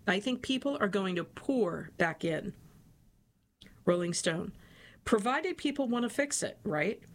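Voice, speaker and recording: A woman reading a print interview aloud, voicing both the questions and the answers in a steady read-aloud delivery. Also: medium pitch.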